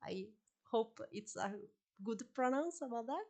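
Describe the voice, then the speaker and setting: A woman's voice: fairly high pitch, animated, a little slow, vocal fry. A woman with an Italian accent, a live streamer chatting casually while she plays, laughing often and apologizing for her English. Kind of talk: live-stream gameplay chat.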